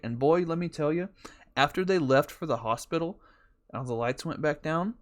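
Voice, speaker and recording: A man hosting a podcast, telling a rambling, profane story in a casual way. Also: mid-range voice. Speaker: podcast host.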